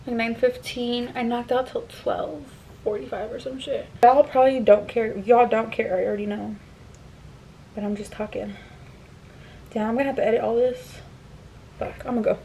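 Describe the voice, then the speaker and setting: A woman's voice: on the high side, reverberant, slight background noise, poor audio. A woman in her twenties chatting casually to her viewers in a vlog, loose and slangy, swearing freely. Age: 20s. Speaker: vlogger. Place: at home and around a college campus. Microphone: handheld camera.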